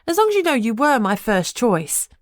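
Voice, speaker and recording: A woman's voice: a little high, sing-song, moderate pace, dry recording, pitched above the performer's own voice. A woman voicing a bubbly, teasing young woman who is the narrator's best friend, in a dry audiobook recording.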